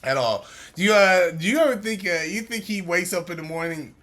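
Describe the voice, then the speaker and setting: A man co-hosting a casual reaction chat, blunt and profane, with animated outbursts. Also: sits high, fairly quick. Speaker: co-host.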